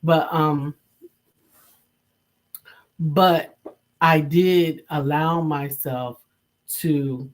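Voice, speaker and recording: A woman co-hosting a live coaching talk show, reflecting calmly and reading viewer comments aloud. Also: low voice. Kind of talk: casual live-stream chat.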